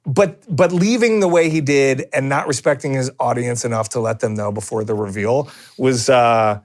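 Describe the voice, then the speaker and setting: A man's voice: mid-range voice, moderate pace. A man co-hosting a podcast in a studio, rambling in casual chat with many restarts and fillers. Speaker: podcast co-host.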